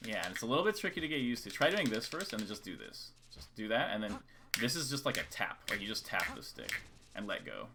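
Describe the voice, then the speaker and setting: A man's voice: fairly low pitch, sing-song, quick pace, gravelly, noisy background. A man coaching a student in a live-streamed game lesson, talking casually and counting out rhythms over and over. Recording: keyboard clicks and typing behind. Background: keyboard clicks and typing.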